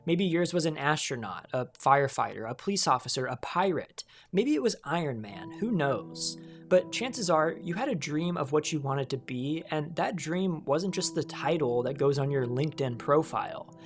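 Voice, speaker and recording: Calm voice-over narrator. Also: mid-range voice, normal speed, soft background music. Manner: calm, reflective, conversational. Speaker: video essayist.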